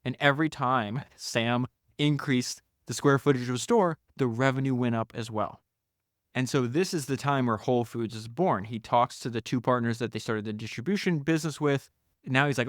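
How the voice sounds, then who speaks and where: A man's voice: medium pitch, moderate pace, no echo. A man in a mid-range voice hosts a podcast, recounting a biography with eager enthusiasm and plenty of restarts. The sound is dry and close, with no room around it. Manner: enthusiastic, frequent restarts and "you know". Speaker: podcast host. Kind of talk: retelling a biography, casual podcast talk.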